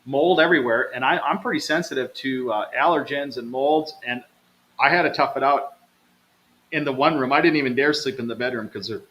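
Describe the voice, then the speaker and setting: A man hosting a live travel stream in a casual, chatty way. He reads out viewer comments and answers them directly. His voice is bright and forward at a middle pitch. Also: a little fast, poor audio. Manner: chatty, upbeat, addresses viewers as "you guys". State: low energy, recovering from stomach trouble.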